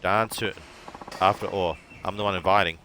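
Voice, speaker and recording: A drunk, ornery former ballplayer, folksy and boastful, read out by a man. The voice sits very low but comes out sharp and forceful. It is a game character read aloud on stream. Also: fairly even intonation, a little fast, a little hiss or hum. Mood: boozy friendly.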